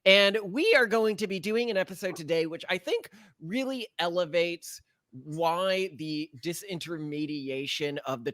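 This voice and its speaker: An American man in his thirties co-hosting a podcast, talking in a casual, opinionated, animated way and often quoting imagined listeners. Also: fairly high pitch, no room sound. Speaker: podcast co-host.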